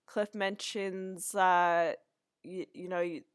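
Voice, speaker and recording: A woman's voice: on the low side, little pitch movement, slow, clear, resonant tone, dry recording, clean studio sound. A woman hosting a podcast, chattily recapping a TV episode with asides and restarts. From Canada. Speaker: podcast host.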